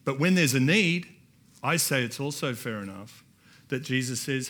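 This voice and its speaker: A man's voice: medium pitch, normal speed, a bit bright. A man with an Australian accent preaching a sermon in church, building to emphatic repeated lines and calling out to the congregation. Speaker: pastor. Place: church hall.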